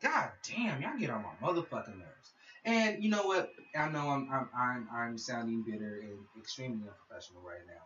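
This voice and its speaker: A man's voice: mid-range voice, very animated, a little fast, a bit bright, a little hiss or hum. A man hosting his own podcast, delivering a heated, profane solo rant aimed straight at his listeners. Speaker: podcast host. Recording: dull lo-fi sound, mic set back.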